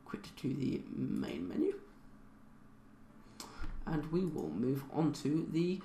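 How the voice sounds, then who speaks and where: A man's voice: on the high side, wildly swooping pitch, slow, vocal fry, pauses often, dark tone, reverberant. A young man playing a space game, thinking aloud with many fillers and reading the tutorial text aloud. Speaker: gamer.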